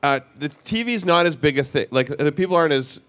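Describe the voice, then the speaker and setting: Fast talking guy cohost, playful, slightly high voice. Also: expressive, fairly bright tone. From Canada. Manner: fast, playful, quick to quip. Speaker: co-host on stage. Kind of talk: casual panel chat.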